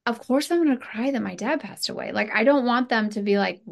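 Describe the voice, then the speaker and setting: A woman's voice: medium pitch, brisk, gravelly, few pauses. A woman in her thirties, a podcast guest talking earnestly and animatedly, with many restarts. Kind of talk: candid conversational interview.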